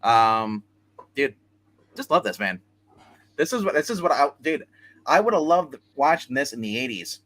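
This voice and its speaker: A man hosting a casual comic book chat, retelling stories in a rambling, animated way. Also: mid-range voice, normal speed, pauses often. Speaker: comic book show host.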